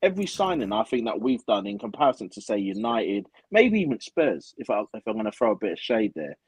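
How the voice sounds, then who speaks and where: Animated husky man talking football. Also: fairly low pitch, brisk, no echo. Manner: animated, opinionated, sometimes teasing. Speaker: football podcast co-host. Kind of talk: casual football chat.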